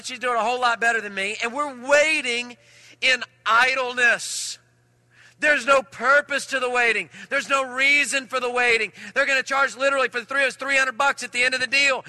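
High bright-voiced pastor telling a story. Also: male voice, brisk, dry recording. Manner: animated storytelling, shifts between loud and hushed. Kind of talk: sermon with personal story.

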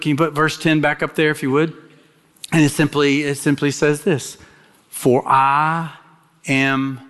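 A middle-aged man from Kentucky preaching a sermon, swinging from loud emphatic exhortation to slow hushed phrases, with folksy jokes for the congregation. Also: on the high side. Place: large church sanctuary. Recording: long hall reverb from a church sanctuary.

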